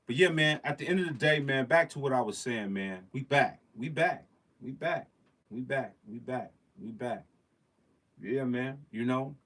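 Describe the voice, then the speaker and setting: Slangy emphatic man chatting live. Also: medium pitch. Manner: slangy, emphatic, repeats phrases, addresses the chat directly. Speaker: livestream host. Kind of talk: casual livestream chat.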